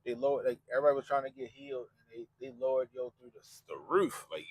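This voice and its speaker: A man's voice: medium pitch, steady tone, quick pace, few pauses, no room sound, low-quality recording. A man hosting a podcast, talking casually and profanely, mocking people and quoting them in put-on voices. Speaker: podcast host. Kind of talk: casual commentary chat.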